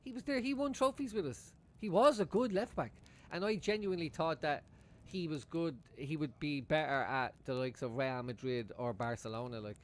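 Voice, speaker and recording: A fairly high-voiced man chatting on a live stream about football. He rambles and swears freely, breaking into chuckles as he goes. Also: normal speed. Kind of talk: casual live-stream chat.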